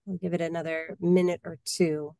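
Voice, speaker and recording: A woman with a fairly low voice hosts an online meeting, warm in intent but halting, full of ums and restarts. The sound is dry and close, as over a video call. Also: level tone, clean tone, dry recording. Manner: friendly, halting, many fillers and restarts. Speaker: meeting host, association officer. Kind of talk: casual online meeting talk.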